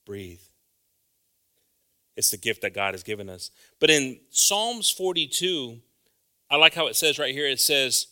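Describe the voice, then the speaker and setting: Man preaching, very bright and fairly high voice, chatty then fervent. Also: big pitch swings, normal speed. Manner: conversational, often asks the congregation "right?"; builds from quiet musing to loud, fervent exhortation. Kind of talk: informal sermon.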